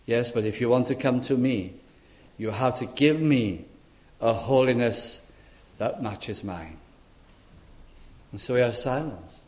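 A man's voice: mid-range voice, unhurried, pauses often, darkish tone. An older man from Britain preaching a sermon, asking rhetorical questions and voicing imagined speakers.

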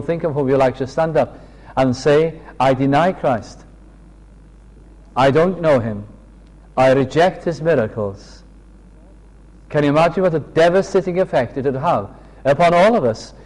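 A man preaching a sermon, telling the story slowly and earnestly and acting out the quoted speech. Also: on the high side, a little mellow. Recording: long reverb of a hall.

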